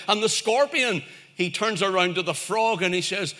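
Man, preacher, sermon, emphatic, repetitive, bright tone. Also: sits high, moderate pace. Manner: emphatic and repetitive, building lists to a climax.

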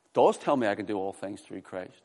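A man preaching a sermon, animated, often repeating words as he restarts and acting out the voices of people he quotes. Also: on the low side, a little fast. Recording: reverberant hall.

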